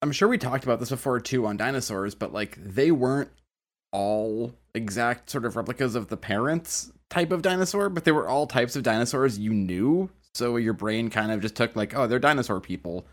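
A man's voice: mid-range voice, expressive, normal speed. A man co-hosting a casual podcast who talks in a wry, joking way. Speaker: podcast co-host.

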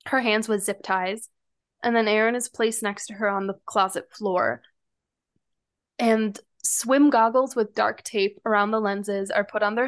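A woman podcast co-host casually retelling a true-crime story with lots of fillers. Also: medium pitch. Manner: retelling events with frequent fillers.

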